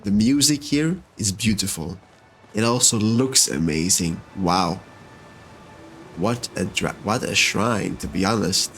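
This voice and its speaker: A man's voice: lowish voice, takes it slowly, fairly bright tone, slight background noise. A man giving chatty commentary as he plays a video game and talks to its characters. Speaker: let's-play host. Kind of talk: gameplay commentary. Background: faint game music.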